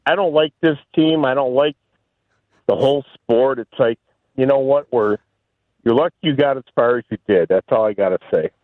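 A man calls in to a sports talk radio show over a tinny phone line. He rambles along and leans on "you know" constantly. His pitch is ordinary and the sound is dry. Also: normal speed, dry recording. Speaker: radio caller. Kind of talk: call-in radio.

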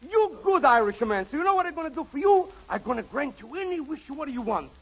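An impish wish-granting sprite, squeaky and bright. The voice bounces up and down as he teases. It comes through a dull old radio recording. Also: very animated, fast talker, heavily acted.

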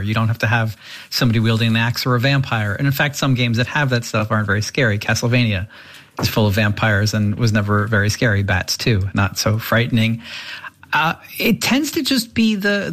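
A man's voice: medium pitch, a bit bright. A man appearing as a journalist guest on a radio talk show, answering thoughtfully and often restarting his sentences.

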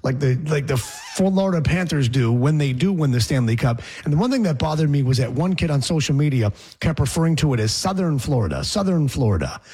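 A man's voice: fairly high pitch, animated, fairly quick, few pauses, warm tone, slightly rough. A man hosting a sports talk show, chatting casually with rambling, sarcastic asides.

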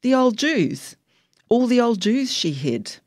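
A woman's voice: on the high side, very animated, slow pace, darkish tone, no room sound, clean studio sound, voice pushed up, heavily acted. A woman voicing a chatty male hospital doctor who speaks in a casual, matter-of-fact way, read from a memoir.

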